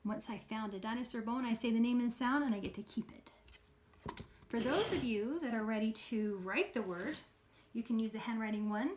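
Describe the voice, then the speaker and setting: Casting: upbeat preschool teacher, a woman, high and sing-song, coaxing the kids along. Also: brisk, darkish tone, slight background noise. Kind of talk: lesson for young children.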